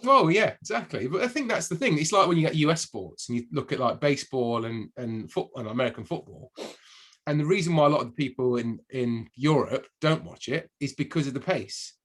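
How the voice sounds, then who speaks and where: A man's voice: medium pitch, expressive, fairly quick, a bit bright. A man co-hosting a casual podcast chat, jokey and rambling, laughing often. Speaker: podcast co-host.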